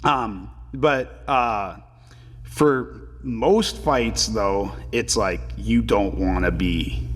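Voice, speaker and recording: A man's voice: lowish voice, very slow. Laid-back young man, filler-heavy, reverby. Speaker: podcast guest, pro hockey player. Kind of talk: casual storytelling interview.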